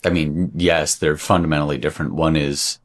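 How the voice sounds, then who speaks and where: A man's voice: a bass voice, flat delivery, a little fast. A man co-hosting a podcast in a casual discussion, wry and argumentative, teasing his partner. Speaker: podcast co-host.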